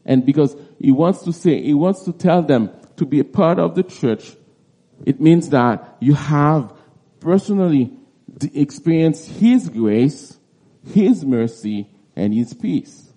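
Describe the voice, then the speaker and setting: Slow halting preacher man, dark voice. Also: a little high, animated. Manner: halting, with frequent restarts and repeated words. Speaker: preacher teaching a Bible passage. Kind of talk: expository Bible teaching.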